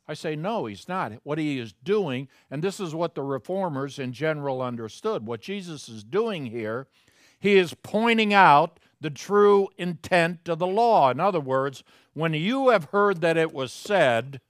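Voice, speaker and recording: A middle-aged male pastor preaching a sermon, emphatic, moving from quiet folksy asides to loud stressed scripture quotes. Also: a little high, animated, normal speed, dry recording, studio quality. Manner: folksy, self-deprecating asides.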